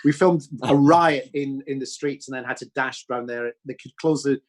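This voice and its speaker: A man's voice: medium pitch, normal speed, a crowd in the background. A man, a film director, talking through his process in a thoughtful, rambling way with many restarts. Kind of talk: reflective Q&A chat.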